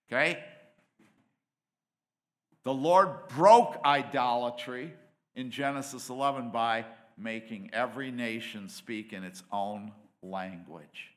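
Bright-voiced impassioned male preacher. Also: lowish voice, unhurried. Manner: impassioned, swings between loud emphatic peaks and hushed asides. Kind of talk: sermon.

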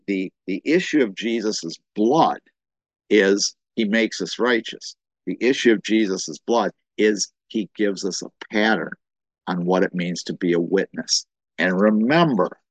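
A man with a lowish voice teaches through a sermon in a relaxed, conversational way, stumbling over repeated words as he goes. The sound is dry and close, with little room echo. He slips into quoted voices as he tells the story. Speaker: preacher.

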